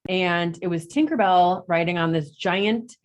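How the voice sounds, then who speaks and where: A middle-aged woman tells a story to her coworkers in a meeting room. Her voice sits a bit low but jumps high whenever she acts out what someone said. Her chat is casual and lively. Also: a little slow. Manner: animated, acts out quotes with big jumps in pitch. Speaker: real estate agent in coaching group.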